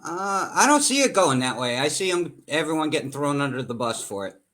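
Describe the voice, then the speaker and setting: A man, the show's producer, chatting calmly and plainly with the host. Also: on the high side, brisk. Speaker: show producer. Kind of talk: casual talk show chat.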